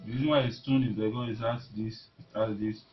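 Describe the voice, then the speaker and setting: A man with a fairly low voice teaches beginners at the piano, stopping and restarting his sentences as he plays. The recording is dull and lo-fi, and loud piano notes sound under his talk. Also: steady tone. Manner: halting, repeats words while demonstrating at the keyboard. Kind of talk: casual piano lesson. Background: piano notes being played.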